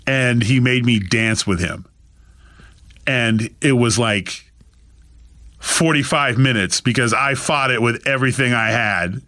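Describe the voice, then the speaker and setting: A male author, appearing as a podcast guest, tells stories with animation and acts out the voices of the people in them with big pitch jumps. His voice is bright with a forceful tone, his pace unhurried, and there's no room sound.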